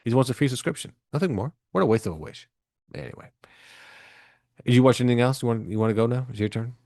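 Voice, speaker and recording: A man's voice: medium pitch, quick pace, a little mellow, no room sound, studio quality. A man co-hosting a podcast, telling a movie story in a loose, profane, rambling way with plenty of fillers. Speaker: podcast co-host. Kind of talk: casual chat.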